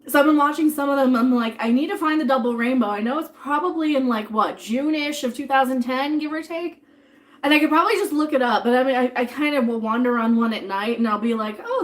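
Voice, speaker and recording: A woman's voice: a little high, a bit bright. Chatty woman streamer eating on stream. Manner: chatty and rambling, thanking viewers, talking with food in her mouth. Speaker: live streamer. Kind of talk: casual live-stream chat while eating.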